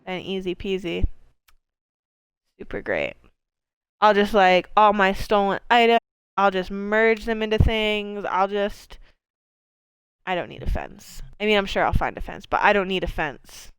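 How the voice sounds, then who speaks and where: A woman's voice: mid-range voice, unhurried, pauses often, clear, resonant tone, no room sound, clean studio sound. A woman streamer giving casual, rambling commentary while she plays, with lots of fillers, the odd swear word and easy laughter. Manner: laughs easily. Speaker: game streamer.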